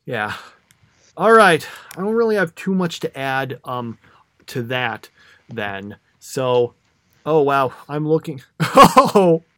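A young man chats casually on a podcast, his medium-pitched voice wandering through thoughts. He rambles with frequent fillers and self-corrections, never quite landing his sentences. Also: lively intonation, takes it slowly, a bit bright, dry recording. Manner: rambling, many fillers and restarts. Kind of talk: casual chat.

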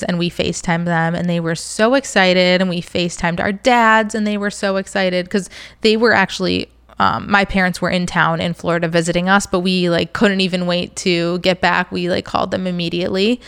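Here a young woman, a vlogger, opens up about her own life, chatting candidly with plenty of fillers and "like"s while occasionally fighting tears. Her voice is lowish, a bit bright and clean.

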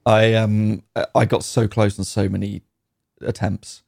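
Man, low gravelly voice, rambling gamer chat, dry close sound. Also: flat delivery, a little slow, darkish tone, no echo. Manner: rambling, enthusiastic gamer talk with frequent ums. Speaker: podcast co-host. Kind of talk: casual chat.

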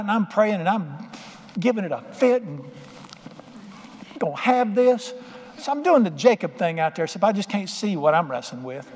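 Folksy, emphatic middle-aged preacher. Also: male voice, sits high, a little mellow, in a large hall. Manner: folksy, emphatic storytelling with southern colloquialisms. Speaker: pastor. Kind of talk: sermon.

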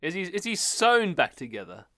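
A man's voice: high voice, sing-song, moderate pace, bright, forceful tone, soft background music. A man co-hosting a podcast, chatting casually and rambling through his thoughts with lots of fillers. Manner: chatty, rambling, many fillers and back-channel replies. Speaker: podcast co-host. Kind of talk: casual chat.

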